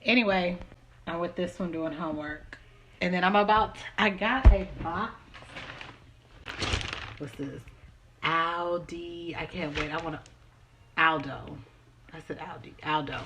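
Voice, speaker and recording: A woman's voice: on the low side, background noise. A woman chatting casually to her vlog audience in a rambling, easygoing way, partly from a parked car. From Southern California. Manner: chatty, rambling, exasperated asides. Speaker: vlogger.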